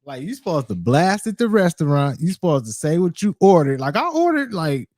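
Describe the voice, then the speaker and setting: A man's voice: fairly high pitch, animated, fairly quick, a little mellow, no room sound, studio quality. A man hosting a reaction video, talking loosely and profanely in slang, disbelieving what he watches. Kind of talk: casual reaction commentary.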